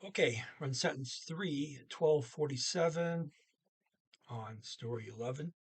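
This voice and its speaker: Husky-voiced man teaching, slow and halting. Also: fairly high pitch. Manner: thinking aloud, halting with fillers. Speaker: language teacher. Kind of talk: language lesson talk.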